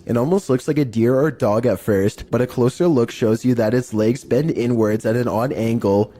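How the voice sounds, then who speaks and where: A man narrating a compilation of creepy camera clips in a measured, scripted storytelling manner. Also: mid-range voice, dark tone. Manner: measured, mildly spooky storytelling. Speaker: narrator of a paranormal clip compilation.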